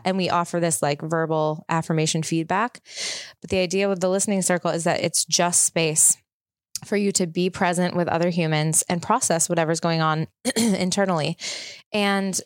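A woman's voice: lowish voice, dry recording, clean studio sound. A woman in her thirties hosting a podcast, telling a personal story in a chatty, open, reflective way. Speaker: podcast host. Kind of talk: casual chat.

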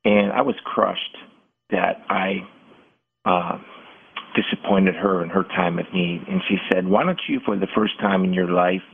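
A low-voiced middle-aged man talks in an earnest, halting way and often starts his sentences over. His voice is a little husky and comes through a narrow, tinny line, like a phone. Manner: earnest, halting, with many restarts. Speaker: guest, former football player. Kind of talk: candid interview storytelling.

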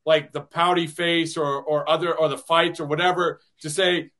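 Man, radio broadcaster, podcast guest, slightly high voice, rambling, restarts a lot, chuckles. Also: flat delivery, moderate pace, few pauses, sharp tone. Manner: rambling storyteller, many restarts, chuckles often. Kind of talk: casual interview chat.

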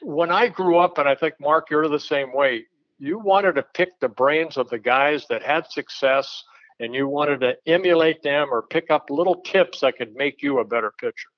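A man, a former pitcher, telling blunt, folksy anecdotes in a casual chat, with an occasional chuckle. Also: moderate pace, no echo. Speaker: retired pitcher, guest storyteller. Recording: dull, lo-fi dry sound.

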